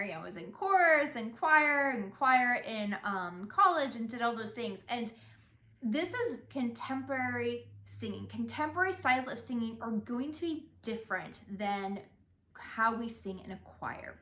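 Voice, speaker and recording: A woman's voice: fairly high pitch, expressive, moderate pace, pushed and bright. A woman singing teacher giving a vocal lesson, patiently speaking lyric lines aloud to show where the emphasis falls. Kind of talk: vocal lesson with spoken demonstrations. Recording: roomy, echoey room.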